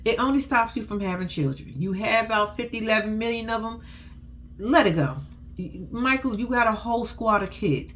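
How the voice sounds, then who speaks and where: Woman, sassy blunt recap talk, AAVE speech, big swings in pitch, faint hiss behind. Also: normal speed, a bit bright. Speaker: reality TV recap vlogger. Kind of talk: casual profane recap commentary.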